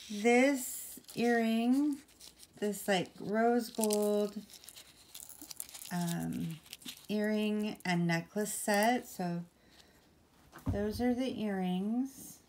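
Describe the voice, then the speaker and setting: A woman's voice: medium pitch, darkish tone, a little hiss or hum. A woman chatting casually on camera at home, showing items one by one and rambling with lots of ums and apologies. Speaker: vlogger. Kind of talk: casual haul video chat.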